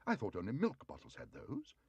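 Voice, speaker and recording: A man reading aloud and voicing an earnest, well-mannered little male bear, in a husky voice. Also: mid-range voice, huge pitch swings, fairly quick, no room sound, muffled recording, heavily acted. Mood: polite.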